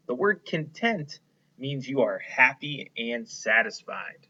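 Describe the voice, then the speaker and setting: Slow, bright-voiced teacher man. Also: medium pitch, big pitch swings, muffled recording. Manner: patient, encouraging, explaining to kids. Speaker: elementary school teacher. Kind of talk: read-aloud lesson for young children.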